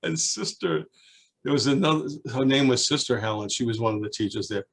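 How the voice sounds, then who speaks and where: A man in his seventies reminiscing in an oral history interview, a lively storyteller who rambles with restarts and acts out children's voices. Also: medium pitch, fairly quick, a little hiss or hum. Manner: rambling with frequent restarts and asides. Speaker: alumnus being interviewed.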